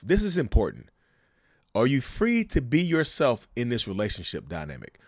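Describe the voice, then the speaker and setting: A man's voice: mid-range voice, wildly swooping pitch, quick pace, a bit bright, no echo, studio quality. A man giving casual, emphatic commentary on relationships, asking the viewers rhetorical questions and calling them y'all. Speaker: commentator sharing a narcissist's view.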